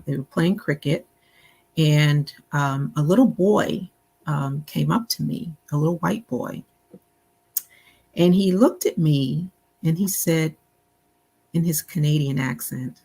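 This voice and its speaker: Middle-aged woman, guest author; husky, measured storyteller. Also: low voice, a little mellow, low-quality recording. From Buffalo, New York. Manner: measured, reflective, many ums. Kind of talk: interview storytelling.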